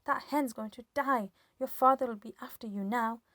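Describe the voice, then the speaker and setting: A woman voicing a grumpy, scornful old grandmother who shouts and scoffs in a storybook reading. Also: a little high, moderate pace, dry recording, studio quality, pitched above the performer's own voice. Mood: scolding.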